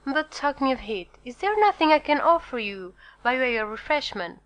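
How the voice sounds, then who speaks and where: A woman's voice: sits high, big pitch swings, moderate pace, a bit bright, voice pushed up, poor audio. A woman reading an audiobook, voicing a fawning, eager-to-please male innkeeper who talks in an effusive, apologetic rush.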